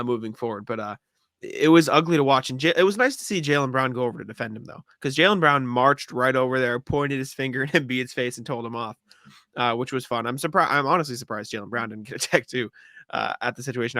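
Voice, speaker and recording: A man's voice: medium pitch, fast, sharp tone, no room sound, studio quality. A man co-hosting a casual sports podcast, talking loosely with fillers and frequent agreement. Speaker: podcast co-host.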